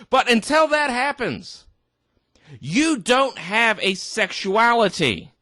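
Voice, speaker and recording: A tipsy man in an exasperated rant, his voice sitting high and swinging widely in pitch. He talks slowly and stumbles into restarts, recorded close in a dry room. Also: big pitch swings, pushed and bright, dry recording. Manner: indignant, exasperated, halting restarts. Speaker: vlogger. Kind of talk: ranting commentary.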